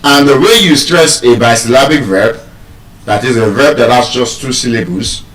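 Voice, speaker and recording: A man from Nigeria teaching a lesson on word stress to public speakers, measured and repetitive, asking his listeners questions as he goes. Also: mid-range voice, fairly bright tone. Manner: measured, repeats key points, asks the audience questions. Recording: roomy echo, speaker far from the mic.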